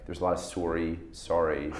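Deep-voiced man rambling in an echoey room. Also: a little mellow, a little hiss or hum. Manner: rambling, halting storyteller with many restarts. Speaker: actor guest. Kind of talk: casual interview chat.

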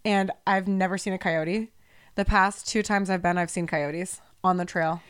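A young woman co-hosting a casual podcast, telling animated stories and cursing freely. She acts out the people in her anecdotes, and her voice sits close and dry on the mic. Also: on the low side, moderate pace, clean tone, no echo. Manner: animated storyteller, swears freely, acts out quotes. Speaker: podcast co-host. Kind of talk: casual chat.

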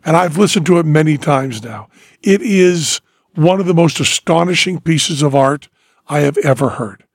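A man's voice: a little high, normal speed, gravelly, dry recording, clean studio sound. A man hosting a podcast, telling long rambling stories with lots of energy and breaking into bits of songs. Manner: animated storyteller, bursts into sung snippets. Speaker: podcast host. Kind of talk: casual chat.

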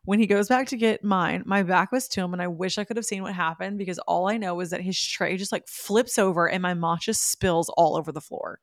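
A woman's voice: on the low side, brisk, hardly any pauses, no echo, clean studio sound. A young woman hosting a podcast, telling a casual story in a chatty way and laughing often. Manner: chatty, laughs often, spiritual wellness talk. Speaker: podcast host.

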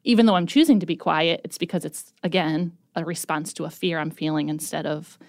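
Low-voiced woman, thoughtful and measured. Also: no echo, clean studio sound. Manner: thoughtful, measured, openly emotional. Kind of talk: reflective casual conversation.

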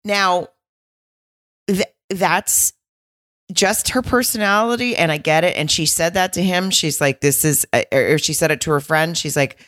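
A woman's voice: fairly low pitch, moderate pace, dry recording, studio quality. A woman co-hosting a podcast, chatting casually and animatedly about a reality show. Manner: animated, acts out quotes in raised voices, frequent restarts. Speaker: podcast co-host.

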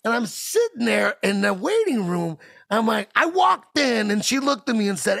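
A man's voice: high voice, normal speed, gravelly, dry recording, studio quality. A man hosting a podcast, telling a casual comedic story full of swearing and acting out the voices of the people in it. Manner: profane, animated storyteller who acts out the voices of others. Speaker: podcast host.

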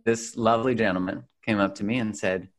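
A man's voice: lowish voice, fairly even intonation, a little fast. A man hosting his podcast, talking in an enthusiastic, chatty way to his listeners and his guest. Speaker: podcast host. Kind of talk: podcast intro and casual interview.

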